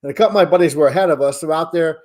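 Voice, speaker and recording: A man's voice: on the high side, rapid-fire, a little mellow. A man co-hosting a podcast, chatting casually over a video call, telling rambling stories and swearing freely. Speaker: podcast co-host. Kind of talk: casual chat.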